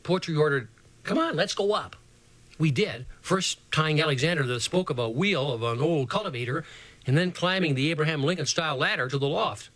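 A man narrating a children's storybook in an expressive, playful way. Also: a little high, a little fast, no echo. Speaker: audiobook narrator.

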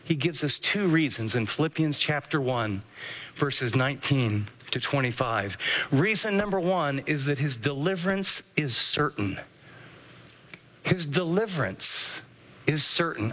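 A man's voice: fairly high pitch, animated, unhurried, a bit bright, big-room sound. A man preaching a sermon, earnestly teaching and walking listeners through scripture verse by verse. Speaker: pastor.

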